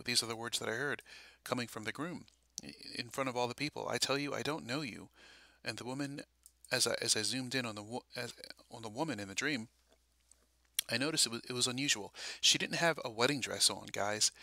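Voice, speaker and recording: A man recounting a dream and tying it to scripture, halting with many fillers and restarts. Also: mid-range voice, gravelly, pushed and bright, dry recording. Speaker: religious video speaker.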